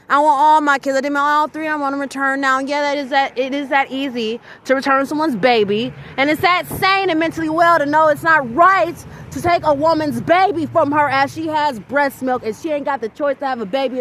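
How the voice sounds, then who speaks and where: A woman's voice: sits high, a bit bright, slight background noise. A woman ranting indignantly to camera about losing her children, emphatic and rambling, swearing as she goes. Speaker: mother venting on video. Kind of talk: angry personal rant to camera.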